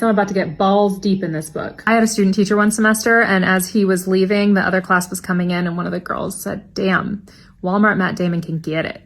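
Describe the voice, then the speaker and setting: A young adult woman, a teacher, telling funny classroom anecdotes in a dry, deadpan way and quoting her students. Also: mid-range voice. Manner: deadpan, wry delivery with quoted student voices. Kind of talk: anecdotal storytelling.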